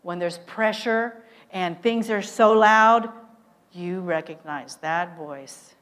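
A middle-aged woman preaching a sermon, telling a story and urging listeners with emphatic swings in loudness. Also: fairly low pitch, slow pace.

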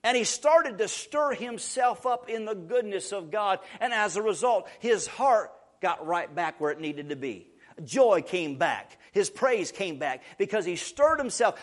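A man preaching a sermon to his congregation, repeating words as he builds emphasis and swinging between quiet asides and loud proclamations. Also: high-pitched, animated, unhurried. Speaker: pastor.

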